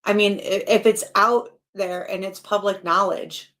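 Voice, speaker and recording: A woman's voice: mid-range voice, steady tone, unhurried, fairly bright tone. Chatty woman commenting live. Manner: chatty, wry, thinking aloud with laughs and asides.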